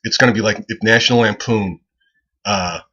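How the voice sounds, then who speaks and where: A comedian rambling casually as he pitches a website, profane and excitable, who keeps breaking into laughter at his own jokes. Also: moderate pace, slightly rough, highs cut off. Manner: profane, excitable, loose storytelling.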